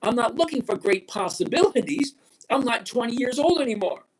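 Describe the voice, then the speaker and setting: A man in his sixties hosting a live stock-trading chat, blunt and emphatic, repeating key points slowly. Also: extremely high pitch, animated, husky. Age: 60s. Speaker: livestream host.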